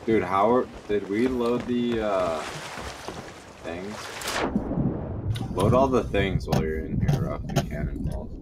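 A man's voice: low voice, measured pace, pauses often. A man streaming a pirate game with friends, swearing and teasing them crudely while he plays. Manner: crude, mocking, puts on mock Australian slang. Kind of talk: casual profane game banter. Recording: loud background noise from game audio.

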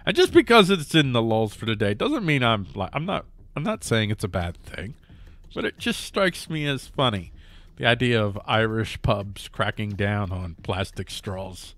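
A man's voice: lowish voice, big pitch swings, moderate pace, a bit bright, dry recording. A man hosting a news commentary show, rambling and jokey with many restarts. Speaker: host.

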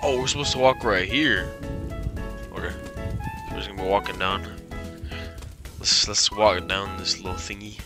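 A man's voice: low-pitched, steady tone, moderate pace, long pauses. A young man giving casual, slangy play-by-play commentary on a horror game, often bemused and saying "bro". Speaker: gaming YouTuber. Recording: game music playing behind.

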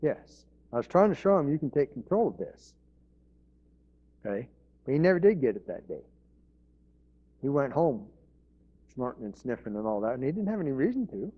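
A man's voice: medium pitch, big pitch swings, moderate pace, pauses often, breathy edge, highs cut off. A pastor telling folksy stories in an informal sermon, chuckling and restarting his sentences.

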